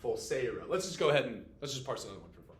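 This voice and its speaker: A man teaching a Latin class, talking to his students in a casual, animated way. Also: medium pitch, rapid-fire, reverberant. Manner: casual and animated, talks to students as "dude" and "y'all". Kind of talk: classroom lecture.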